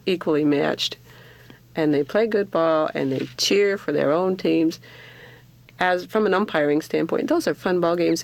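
Gravelly-voiced umpire, firm and plain-spoken. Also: male voice, high-pitched. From Alaska. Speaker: softball umpire. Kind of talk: casual radio talk.

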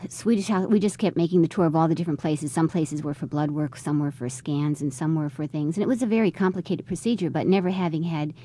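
A middle-aged woman tells a personal story in an interview. Her voice sits low and mellow, and she talks at a brisk clip, slipping into the voices of the people in her tale as she goes. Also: husky, no room sound. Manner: conversational, re-enacts quoted dialogue. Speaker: interviewee, mother.

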